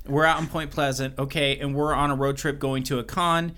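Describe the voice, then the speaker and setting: A man co-hosting a podcast in casual chat, animated and joking as he tells stories. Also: on the high side, a little fast, clear, resonant tone. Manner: animated, joking storyteller, swears freely. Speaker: podcast co-host.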